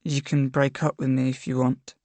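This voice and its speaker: A woman's voice: deep voice, takes it slowly, dry recording. A woman reading a story aloud and voicing a withdrawn teenage boy who mumbles and slurs his words.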